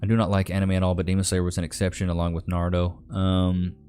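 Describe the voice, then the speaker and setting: Low-voiced Texan man chatting on stream. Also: monotone, quick pace, darkish tone, clean tone. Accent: Texan Southern. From Northeast Texas. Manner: laid-back, drawling, reads viewer comments aloud. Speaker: streamer reading chat. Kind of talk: casual live-stream chat. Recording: faint music in background.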